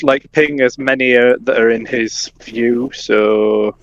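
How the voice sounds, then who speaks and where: A player at a tabletop game talking in an excitable, animated way. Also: mid-range voice, measured pace, hardly any pauses, muffled recording, slight background noise. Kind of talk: tabletop role-play chat.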